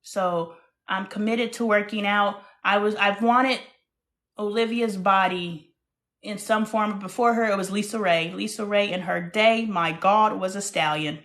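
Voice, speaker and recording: A woman's voice: mid-range voice, measured pace. Chatty woman hosting a casual livestream. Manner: chatty, animated storytelling with playful exclamations. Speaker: host.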